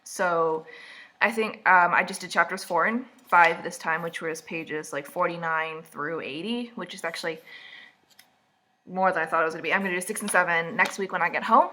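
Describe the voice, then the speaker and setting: A woman's voice: lowish voice, moderate pace, sharp tone. A woman vlogging casual book commentary, sarcastic and mocking, full of "like"s, just woken up. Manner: sarcastic, mocking, chatty with many "like"s.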